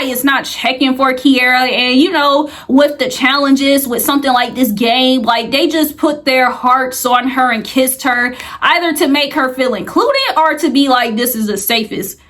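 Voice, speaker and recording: A woman's voice: sits high, a bit bright. A woman casually recapping a reality show, rambling and chatty with lots of filler words.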